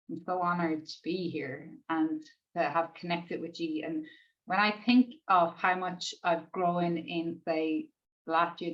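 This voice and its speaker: Participating in a group coaching call, a woman with a fairly low voice rambles emotionally, saying "like" again and again and swearing now and then while on the verge of tears. Her manner is gushing, and the recording has its high frequencies cut off.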